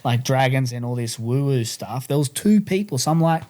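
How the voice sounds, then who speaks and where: A man's voice: mid-range voice, expressive, moderate pace, dark tone, a little hiss or hum. A man telling a story on a casual podcast, rambling and swearing as he goes. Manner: rambling, swears, many fillers. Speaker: podcast co-host.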